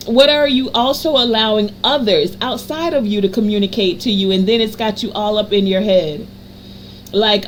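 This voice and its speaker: A woman giving a card reading to a general audience, in a soothing, affirming voice that stacks phrases in repetitive lists and slows down to stress key words. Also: mid-range voice, slight background noise, poor audio. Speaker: energy reader and healer.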